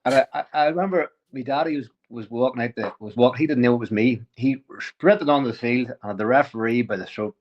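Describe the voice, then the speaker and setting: A man, a podcast guest telling a lively story, often chuckling and restarting sentences. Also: medium pitch, a little fast, hardly any pauses, dull audio. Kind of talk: casual storytelling.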